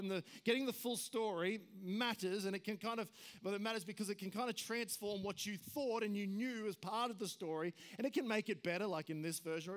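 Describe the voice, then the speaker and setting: Chatty, higher-voiced male pastor. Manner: casual, chatty, full of fillers and restarts. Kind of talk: conversational sermon.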